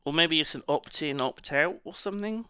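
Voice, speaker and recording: A man's voice: fairly high pitch, normal speed, sharp tone, clear, resonant tone. A man chatting casually to his stream audience, rambling as he reacts to chat and swearing now and then. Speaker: live streamer.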